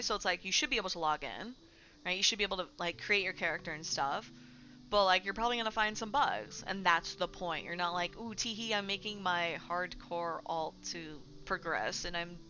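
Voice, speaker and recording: A woman's voice: fairly low pitch, bright, forceful tone, slight background noise. A young woman streaming casually to her chat, ranting with lots of swearing and mocking gamers in silly put-on voices. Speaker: streamer discussing game news. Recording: slightly dull lo-fi stream audio with faint music.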